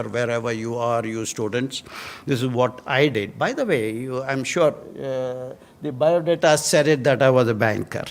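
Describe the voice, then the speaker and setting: An older man with an Indian English accent, a guest speaker telling lively stories to students and chuckling at his own tales. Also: medium pitch. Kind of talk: anecdotal talk to students.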